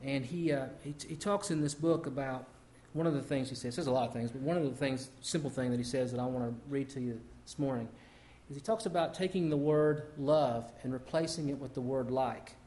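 A man's voice: mid-range voice, a little fast, dark tone, slight background noise. A middle-aged man preaching a conversational sermon to his congregation, often repeating and restarting words as he goes. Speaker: pastor.

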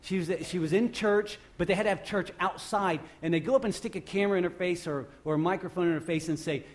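A male pastor preaching a sermon off the cuff, swinging from loud emphatic bursts to quiet low passages and often restarting his phrases. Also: fast talker. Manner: repeats and restarts phrases while speaking off the cuff.

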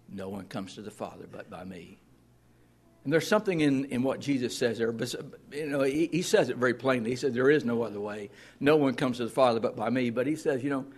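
Husky-voiced man preaching plainly. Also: lowish voice, darkish tone. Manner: earnest, plain-spoken preaching with scripture readings. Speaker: pastor. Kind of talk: sermon.

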